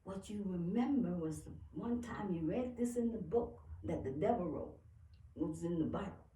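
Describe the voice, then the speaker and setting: A woman's voice: fairly low pitch, expressive, normal speed, mellow. A woman giving a casual spiritual pep talk, emphatic and profane, often breaking into laughter. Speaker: spiritual speaker. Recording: echoey room, far from mic.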